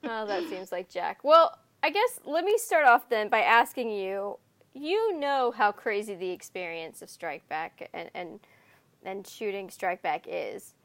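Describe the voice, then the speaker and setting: A woman hosting a casual podcast, bubbly and quick to laugh as she welcomes and questions a guest. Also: mid-range voice, animated, fairly bright tone. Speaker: podcast host. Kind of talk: casual chat.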